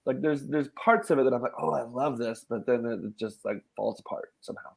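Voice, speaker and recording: A man's voice: mid-range voice, brisk, vocal fry. A man hosting a podcast in casual chat, laughing often and acting out what he said in other voices. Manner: animated, laughing, quotes himself in voices. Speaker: podcast host.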